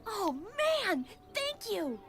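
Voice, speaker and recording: A woman's voice: extremely high pitch, very animated, slow pace, full character voice. A woman voicing an eager, starstruck young fan asking for an autograph in a story game. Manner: eager, gushing. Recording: game audio with score. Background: game music.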